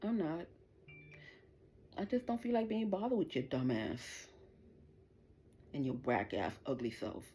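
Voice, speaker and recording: A woman's voice: low voice, very animated, measured pace, pauses often, mellow, slight background noise. A middle-aged woman hosting a livestream, delivering an angry, profane, taunting rant straight at the people she is addressing. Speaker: livestream host.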